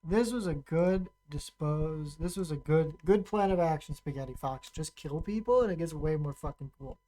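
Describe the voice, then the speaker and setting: A streamer casually playing a text adventure, reading the story aloud and thinking out loud while typing, often pausing and restarting. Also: medium pitch, low-quality recording. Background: keyboard typing and clicks.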